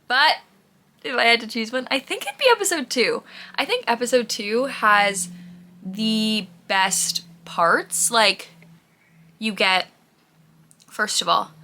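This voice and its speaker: A woman's voice: mid-range voice, bright, forceful tone. A woman vlogging in a casual, rambling way, gushing about what she watches and often saying "like". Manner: rambling and gushing, heavy use of "like". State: out of breath. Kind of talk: casual chatty vlog.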